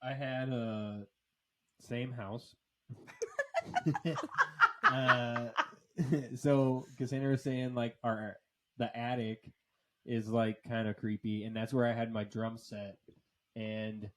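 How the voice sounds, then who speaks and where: A man's voice: mid-range voice, slow pace, pauses often, background noise. A man co-hosting a podcast, telling rambling stories full of fillers and swearing, and laughing often. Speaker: podcast co-host. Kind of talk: casual chat.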